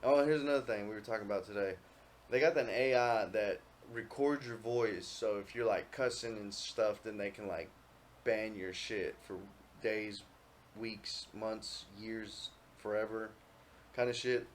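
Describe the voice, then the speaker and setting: A young man hosting a casual podcast chat, swearing freely and getting loud when he tells gaming stories. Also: on the low side, measured pace, a little hiss or hum. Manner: profane, animated storytelling, yells when quoting himself. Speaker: podcast host.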